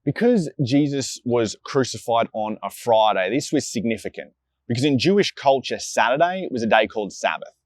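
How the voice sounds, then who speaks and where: A man preaching a sermon as dramatic storytelling, slowing and going soft on the heavy moments. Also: mid-range voice, animated, no echo. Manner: slows down and drops soft for emphasis.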